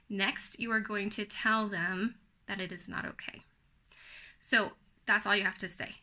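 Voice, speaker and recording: A young adult woman talking straight to camera as a parenting coach, giving firm, even, encouraging step-by-step advice. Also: mid-range voice, measured pace. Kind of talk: talking-head teaching video.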